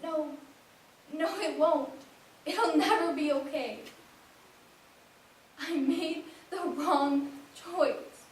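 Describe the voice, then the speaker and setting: A woman voicing a regretful middle-aged mother who confesses haltingly, heard in an echoey room from far off. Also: high voice, a little hiss or hum. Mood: remorseful.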